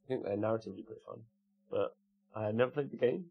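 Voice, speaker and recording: A man's voice: fairly low pitch, fast, creaky, breathy edge, narrow, tinny audio. A man with an English Midlands accent, hosting a casual livestream, reading out viewers' chat messages and answering them with jokes. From Cannock, England.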